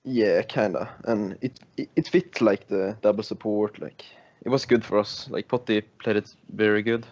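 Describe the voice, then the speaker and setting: A man, an esports player guest, speaking hesitantly in casual chat and pausing to search for words. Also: lowish voice, darkish tone, lo-fi sound.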